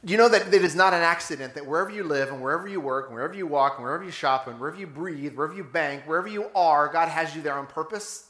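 A pastor races through his sermon with few pauses, his voice high and bright. Animated in his storytelling, he fires rhetorical questions at the congregation, and a roomy echo makes it sound like he's filling a church sanctuary.

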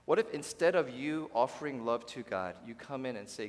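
Guy pastor preaching, goes quiet then loud, talks right at the congregation, big echo from the hall. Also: mid-range voice, expressive, a little fast. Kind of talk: sermon. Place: church sanctuary. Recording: long reverb of a large hall.

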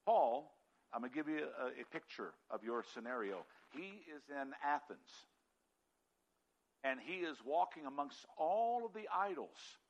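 A man's voice: a little high, very animated, a little slow, poor audio. A man as pastor teaching an evening Bible class, conversational and checking in often with his listeners.

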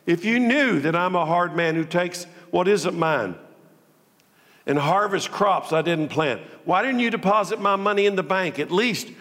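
A pastor preaching a sermon, dramatically swinging between loud declaiming and low, intimate tones. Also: male voice, lively intonation, moderate pace. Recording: long hall reverb.

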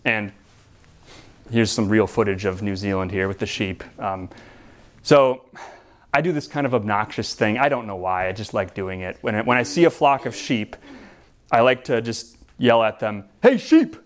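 A man preaching a sermon as pastor, in a relaxed, conversational way with frequent restarts and repeated words. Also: on the low side, moderate pace.

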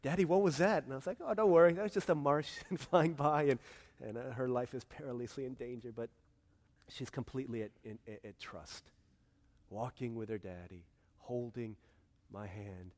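Delivering a sermon at a moderate pace in a mid-range voice, this pastor tells animated stories. Quiet, gentle passages give way to bursts of excitement.

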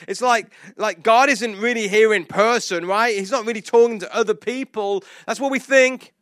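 A man preaching in a fairly high voice, telling a scripture story with playful acted-out lines. He leans on casual fillers like "like" and "you know". The sound is dry and close, with no room echo. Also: moderate pace. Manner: animated storytelling, acts out quotes, frequent "like". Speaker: pastor. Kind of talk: sermon.

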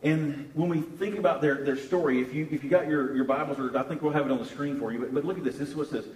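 A man preaching a sermon, telling a Bible story with animated rises and restarts. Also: a little high, fast talker. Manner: animated storytelling, repeats words while searching. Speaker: pastor. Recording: echoey room from far off.

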